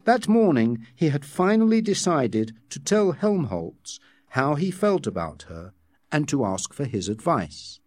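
Male narrator for a graded reader: slow, lively pitch, measured, dry close mic. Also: dry recording. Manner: measured, expressive reading. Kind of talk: scripted story narration.

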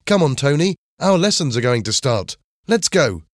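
A man's voice: on the high side, very animated, normal speed, no room sound, studio quality, pitched above the performer's own voice. A man voicing a friendly schoolboy who calls out eagerly to a classmate. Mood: urging. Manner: calling out eagerly.

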